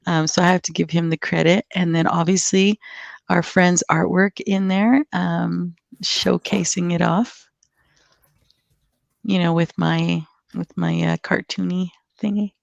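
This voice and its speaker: A woman's voice: fairly low pitch, flat delivery, measured pace, gravelly, no room sound, lo-fi sound. A woman guest chatting casually on a live stream, giggly and rambling with many ums. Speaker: guest co-host.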